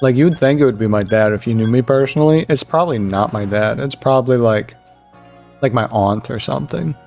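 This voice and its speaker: A man's voice: brisk, vocal fry, faint music behind. Rambling young man streaming a game. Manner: rambling, animated, jumps high when quoting people. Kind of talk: casual stream chatter.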